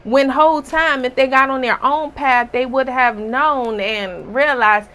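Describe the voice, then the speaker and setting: A slightly hoarse woman giving a casual spiritual reading, emphatic and preachy, with rhetorical asides. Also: high voice, unhurried, fairly bright tone, rough recording. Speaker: spiritual reader.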